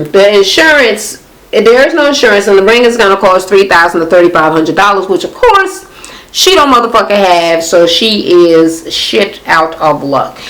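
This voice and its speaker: A woman's voice: medium pitch, lively intonation, moderate pace, a bit bright, low-quality recording. A woman hosting a casual reality TV recap, talking bluntly and profanely as she retells scenes in quoted voices.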